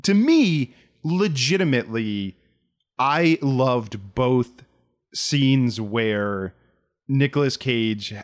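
The man speaks with a lively, swooping pitch in casual podcast chat. He tends to rush his words in excited bursts, stopping and restarting his sentences. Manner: animated, quick bursts with restarts. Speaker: podcast co-host.

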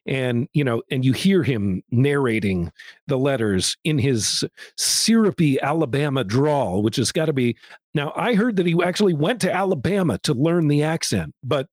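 A man's voice: mid-range voice, animated, moderate pace, no room sound. A man co-hosting a podcast, recapping a movie in casual chat with wry, meandering asides and dry jokes. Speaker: podcast co-host.

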